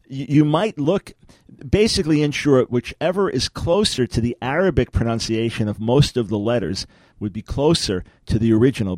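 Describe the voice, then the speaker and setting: A man's voice: mid-range voice, a little mellow, no echo. Dry-voiced male radio talk host, emphatic. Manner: emphatic, lecturing, rhetorical questions. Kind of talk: radio talk show teaching. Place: radio studio.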